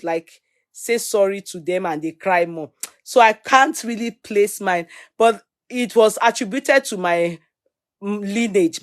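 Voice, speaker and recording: A middle-aged Nigerian woman with Yoruba-influenced English runs a live stream, reading viewer comments and shout-outs aloud. Her medium-pitched voice is animated, and she slips easily into Pidgin and Yoruba. The recording is dry and close, with little room tone.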